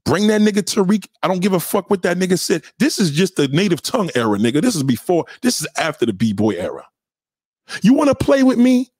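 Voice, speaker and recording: Middle-aged New York streamer: brash, profane, challenging, voice sits high and swings wildly, dry close sound. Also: male voice, big pitch swings, a little fast, husky, dry recording. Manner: loud, profane, boastful, challenging. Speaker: live streamer playing records for chat. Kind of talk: hyped trash talk over music.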